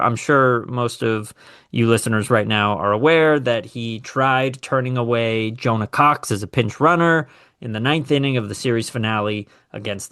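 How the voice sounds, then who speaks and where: A man hosting a casual sports talk show, animated and opinionated, with sarcastic asides. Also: mid-range voice. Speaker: podcast host.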